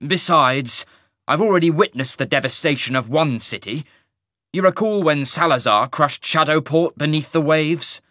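A man voicing a bitter, sharp-tongued male half-mage who speaks in a snarling, sardonic way. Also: fairly high pitch, normal speed, dry recording, studio quality, voice pushed up. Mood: irritable.

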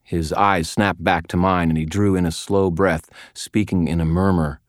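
Deep-voiced man narrating an audiobook. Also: steady tone, unhurried, hardly any pauses, no room sound, studio quality. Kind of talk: first-person fiction narration.

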